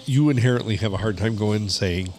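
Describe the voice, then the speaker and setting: A man's voice: on the low side, fast, a little mellow. A man with a Michigan accent, co-hosting a podcast in blunt, matter-of-fact casual chat. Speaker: podcast co-host.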